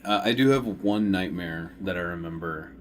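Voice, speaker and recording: Low-voiced guy chatting, tells childhood stories, laughs a lot, faint room hum. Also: moderate pace. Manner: relaxed storyteller, laughs easily. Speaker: co-host. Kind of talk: casual chat.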